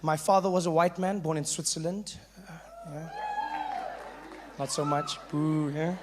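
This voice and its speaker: A man's voice: a little high, normal speed, crowd noise, background noise. A South African man doing stand-up, telling stories with punchy asides. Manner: animated storytelling with punchy asides. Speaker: stand-up comedian. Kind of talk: stand-up comedy.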